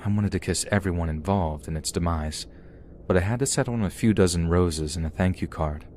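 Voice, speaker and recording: As a podcast narrator, a man reads a first-person true horror story in a steady, measured way. His voice is low, and a little hiss or hum can be heard.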